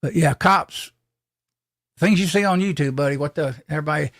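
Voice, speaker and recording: A man's voice: on the high side, brisk, fairly bright tone, no room sound, studio quality. An older man, hosting a casual live stream and telling rambling, folksy stories with frequent restarts.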